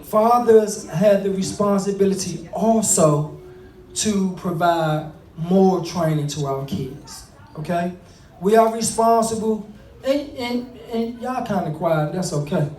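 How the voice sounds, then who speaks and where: A man's voice: high-pitched, unhurried, a little mellow. Earnest man giving a fatherhood talk. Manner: earnest, conversational, repeats and restarts. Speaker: speaker on fatherhood. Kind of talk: motivational talk to an audience. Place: room with an audience. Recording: echoey room, mic at a distance.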